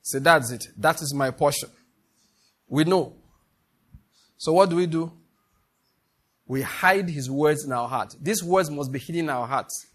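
A man preaching a sermon, leading the congregation through slow, repeated scripture declarations. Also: fairly high pitch, a bit bright, breathy edge. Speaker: pastor. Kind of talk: sermon with guided scripture meditation.

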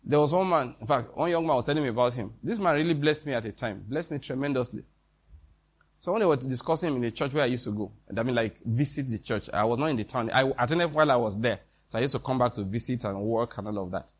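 A man's voice: medium pitch, quick pace, breathy edge. Guy preaching, chatty, asks the church questions, acts out little conversations. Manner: conversational preaching with quoted dialogue and rhetorical questions. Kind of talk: sermon.

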